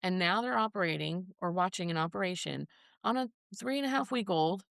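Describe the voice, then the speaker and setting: Woman, podcast guest, casual storytelling, earnest, lowish pitch, gravelly fry. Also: lively intonation, brisk, a bit bright, dry recording, clean studio sound. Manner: earnest, acts out quoted dialogue. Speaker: podcast guest, mother of a child with a rare disease.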